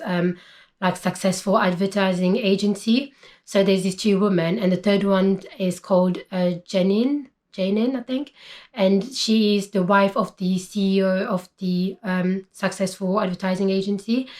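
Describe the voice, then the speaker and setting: A young woman vlogger chatting casually about books, using lots of fillers like "like" and "basically". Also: medium pitch. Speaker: book vlogger. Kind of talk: casual book haul chat.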